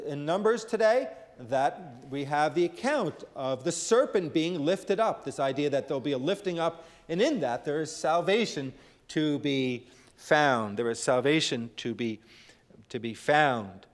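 Here a male preacher works through scripture in a sermon, pausing with many "uh"s as he goes. His voice climbs when quoting and falls low as each phrase closes, with long hall reverb on the recording.

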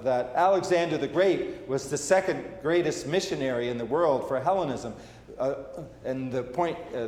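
A man's voice: on the high side, darkish tone. A man preaching a sermon, repeating key phrases for emphasis, with frequent fillers and restarts. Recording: echoey hall with long reverb.

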